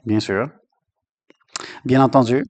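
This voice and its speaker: A man's voice: medium pitch, fairly even intonation, a little slow, darkish tone, no echo. A man with a Quebec French accent, teaching French expressions in a casual, joking way and laughing often. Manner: chatty and joking, laughs often, switches between English and French. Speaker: language teacher. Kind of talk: casual online language lesson.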